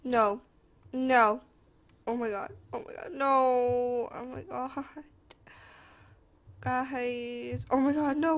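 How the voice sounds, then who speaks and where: Jumpy high-voiced young woman gamer. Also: fairly even intonation, slow. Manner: jumpy, screams and gasps often. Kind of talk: horror game let's play.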